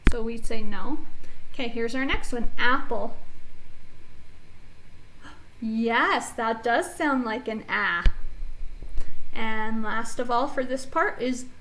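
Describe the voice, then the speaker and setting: A woman with a high voice leads a phonics lesson for young readers, taking her time and sounding out each letter clearly. She stays encouraging throughout, and a faint hiss of noise sits under the recording. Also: bright, forceful tone, poor audio. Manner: slow, clear, encouraging, models sounds for children. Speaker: teacher. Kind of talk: early reading phonics lesson.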